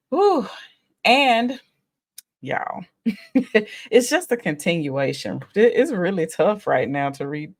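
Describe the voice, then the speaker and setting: A woman hosting a casual reality show recap, chatty and exasperated, sighing and laughing as she talks. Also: deep voice.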